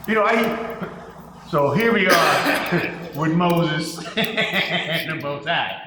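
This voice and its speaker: A man leading a Bible study as pastor, teaching with animated storytelling, laughing often and repeating his points for emphasis. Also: a little high, takes it slowly, background noise. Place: church hall. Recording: echoey hall with long reverb.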